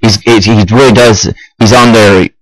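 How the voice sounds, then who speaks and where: A man's voice: on the low side, steady tone, moderate pace, rough recording. A man hosting a weekend sports radio show, joking with his co-hosts and often tripping over his words. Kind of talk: casual sports radio chat.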